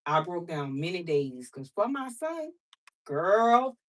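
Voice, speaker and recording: A woman's voice: fairly low pitch, big pitch swings, takes it slowly, recorded from a distance. A woman who reads tarot, talking casually and bluntly to her viewers, calling them sister and baby and swearing freely. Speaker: tarot reader. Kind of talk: casual vlog chat to viewers.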